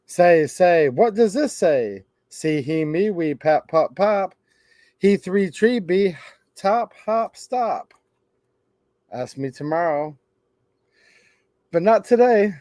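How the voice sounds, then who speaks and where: A man's voice: on the high side, animated, takes it slowly, a little mellow, no room sound, studio quality. A man hosting a live stream, reading a children's rhyme book aloud in a playful sing-song way.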